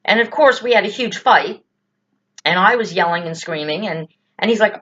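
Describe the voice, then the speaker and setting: A woman's voice: mid-range voice, brisk, fairly bright tone, highs cut off. A woman giving indignant political commentary in a blunt, exasperated way, full of rhetorical questions and swearing. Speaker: political vlogger.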